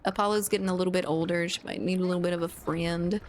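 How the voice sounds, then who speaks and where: A woman's voice: lowish voice, fairly even intonation, fast, a little hiss or hum. A woman streamer chatting casually with viewers while gaming, laughing often and swearing freely.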